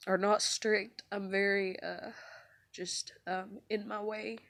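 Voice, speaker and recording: A woman's voice: mid-range voice, level tone, takes it slowly, fairly bright tone, no room sound. A woman, telling a personal story in a rambling, confessional way, her voice tearful and breaking. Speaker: vlogger.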